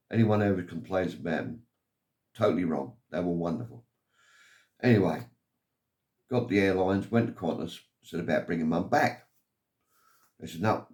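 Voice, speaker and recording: Here an older man from England, deep-voiced with a darkish tone, recounts his life on a vlog. His telling is long, rambling and resentful, punctuated again and again by "anyway."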